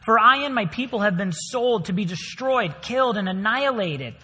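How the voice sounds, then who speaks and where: A man's voice: sits high, animated, normal speed, pushed and bright, breathy edge, long reverb tail, pitched above the performer's own voice, heavily acted. A man voicing a brave young queen, pleading earnestly in a raised voice during a sermon.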